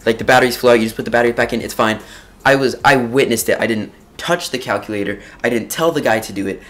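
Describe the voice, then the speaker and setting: A teenage boy telling a school story in a casual, excitable way, exaggerating and laughing often. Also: medium pitch, fast. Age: teens.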